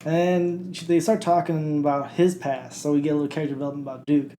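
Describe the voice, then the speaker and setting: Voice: medium pitch, little pitch movement, fast, dark tone, a little hiss or hum. A podcast co-host recapping a bad movie in casual chat, joking and acting out the characters.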